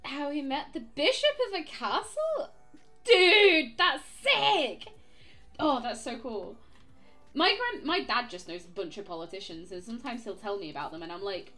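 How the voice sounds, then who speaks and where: A woman chatting casually on a live stream while gaming, telling animated stories with lots of laughter. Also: on the high side, normal speed, soft background music. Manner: animated, giggly, swearing storyteller.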